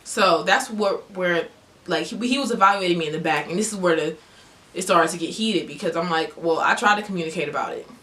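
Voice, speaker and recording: A young woman vlogger telling a story-time tale in a heated, animated way, full of "like" fillers. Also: fairly low pitch, a little fast. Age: young adult.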